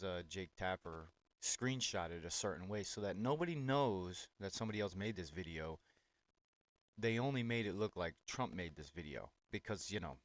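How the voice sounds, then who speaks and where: A man hosting political reaction commentary on clips, talking in a blunt, sarcastic and profane way. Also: low voice.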